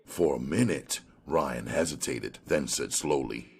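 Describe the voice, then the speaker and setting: A man narrating a crime audiobook in an expressive storytelling manner. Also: extremely low pitch, unhurried, creaky, few pauses, husky.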